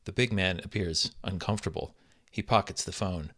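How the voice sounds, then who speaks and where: A man's voice: deep voice, moderate pace, fairly bright tone. A man in his fifties, an author, reading his fiction aloud and chatting in a wry, self-deprecating way.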